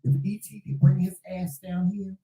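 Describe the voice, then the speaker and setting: A co-host in a casual chat, talking loudly and emphatically and swearing freely. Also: mid-range voice, little pitch movement, moderate pace. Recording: echoey room.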